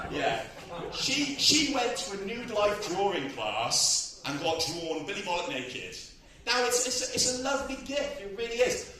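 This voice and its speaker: A man's voice: high voice, big pitch swings, slow pace, pushed and bright. A man doing a bawdy, self-mocking stand-up set, laughing at his own jokes on a comedy club stage. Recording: echoey club with crowd, from far off. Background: audience laughing.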